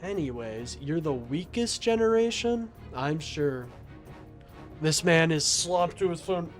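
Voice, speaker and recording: A young man with a slightly high voice argues with his chat on a livestream, sarcastic and combative, and keeps calling people "my friend." Faint music plays underneath him. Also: expressive, slow. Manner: argumentative and sarcastic, often says "my friend". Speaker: livestream host taking calls and reading chat. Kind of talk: casual political livestream talk.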